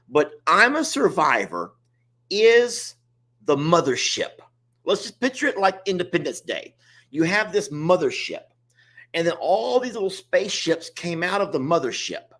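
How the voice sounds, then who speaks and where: Guy rambling on a casual chat, voice leaps all over, kinda high, laughs at himself. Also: fairly bright tone. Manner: rambling, self-mocking, chatty. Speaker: co-host of an animal sanctuary channel.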